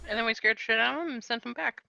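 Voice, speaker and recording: A woman's voice: fairly high pitch, rapid-fire, creaky, bright, forceful tone. A woman playing in a tabletop game, chatting casually and bluntly with the group. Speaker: player.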